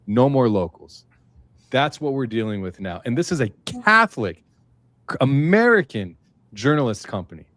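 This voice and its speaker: A man co-hosting a casual political talk, earnest and halting, often restarting his sentences. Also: medium pitch, big pitch swings, fairly bright tone, no echo.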